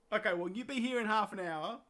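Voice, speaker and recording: A woman's voice: mid-range voice, a bit bright. A woman running a tabletop game stream, chatting casually and laughing as she signs off. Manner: laughing, teasing, rambling. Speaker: game master and stream host. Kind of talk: casual stream sign-off chat.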